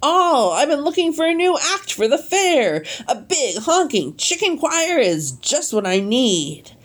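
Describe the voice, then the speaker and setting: A woman voicing a bossy, loud official-looking lady who bellows her lines briskly. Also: fairly high pitch, sing-song, voice pushed up, exaggerated voice.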